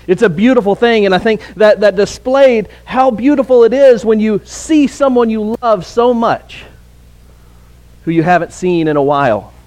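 High-voiced man preaching a sermon. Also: a little mellow. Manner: earnest, halting with repeated words. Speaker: pastor.

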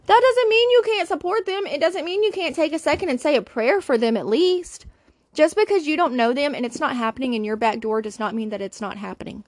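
A woman's voice: high-pitched, brisk, dry recording. A woman, hosting her own podcast and telling funny family stories in a chatty, playful way. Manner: chatty, laughing, playful impressions. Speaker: solo podcast host. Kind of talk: casual storytelling chat.

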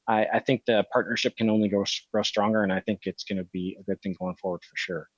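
A man co-hosting a casual podcast, chatting in an animated, storytelling way. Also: on the low side, fast, breathy edge, no echo. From Wisconsin. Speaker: podcast co-host. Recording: dry, slightly muffled audio.

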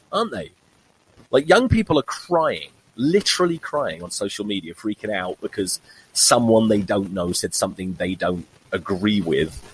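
A man's voice: medium pitch, a little hiss or hum, poor audio. A man in his forties hosting a podcast, telling a rambling, wry comic monologue and swearing freely. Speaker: podcast host. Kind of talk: comedic monologue.

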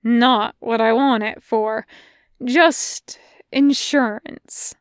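A woman's voice: a little high, steady tone, extremely slow, smooth, dry recording, studio quality. A woman doing a curt, bitter male demon. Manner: curt, drawling, harsh.

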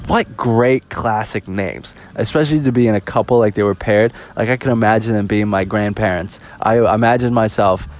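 A man's voice: fairly low pitch, fairly even intonation, fast talker, few pauses, darkish tone. A young man telling a personal story in a casual storytime monologue, animatedly acting out the quoted dialogue. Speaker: vlogger.

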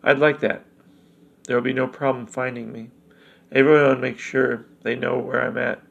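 A man's voice: mid-range voice, flat delivery, moderate pace, vocal fry, dull audio. A man reading as a cheerful, lonely little boy.

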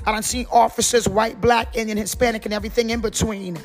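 A woman's voice: a little high, flat delivery, fast talker, hardly any pauses, soft background music. A woman, hosting a podcast and rambling through casual faith talk full of "you know what I'm saying.". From North Carolina. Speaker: podcast host.

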